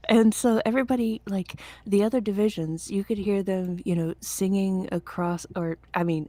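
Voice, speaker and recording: A woman's voice: medium pitch, steady tone, normal speed, hardly any pauses, warm tone, no echo. A woman, a veteran, recalling boot camp in rambling casual chat with many restarts. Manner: rambling, full of fillers and restarts. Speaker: veteran podcast guest.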